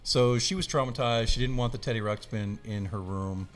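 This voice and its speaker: Animated guy telling a childhood story, slightly low voice, laughing a lot. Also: moderate pace, faint music behind. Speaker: podcast guest. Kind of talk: casual storytelling.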